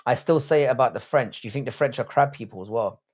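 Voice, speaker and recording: Fast-talking, with a medium-pitched and slightly mellow voice, this young man from England reads his stream's chat aloud and chats casually in a crude, blunt, rambling style full of restarts.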